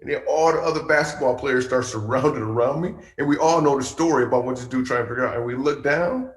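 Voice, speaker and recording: A man tells a personal story on a talk show in an animated, comic way, dropping playful asides along the way. His voice sits at an ordinary middle pitch. The sound carries a roomy studio echo. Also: fast. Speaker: comedian guest.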